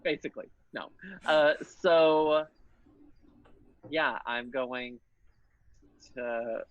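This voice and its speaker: A man playing a tabletop game, talking haltingly and laughing between words as he declares his turn. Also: mid-range voice, clear, resonant tone, lo-fi sound. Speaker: player. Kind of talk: casual chat.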